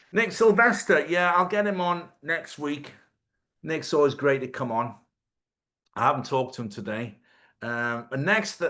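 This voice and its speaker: A man's voice: mid-range voice, fairly bright tone. A man hosting a casual live-stream chat. He jokes, laughs often and swears freely. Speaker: host.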